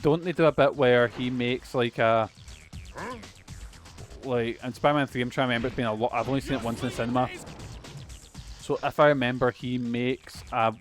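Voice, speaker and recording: A man's voice: medium pitch, fairly even intonation, brisk, pauses often, faint music behind. Rambling, swearing game streamer man. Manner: rambling, swears often, trails off mid-thought. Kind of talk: casual let's-play commentary.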